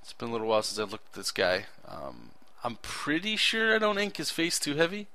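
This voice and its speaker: A man's voice: medium pitch, expressive, brisk, sharp tone, no room sound. A man talking casually over his own drawing video, rambling earnestly with frequent self-corrections. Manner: earnest and enthusiastic about clear storytelling. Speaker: artist narrating his drawing process.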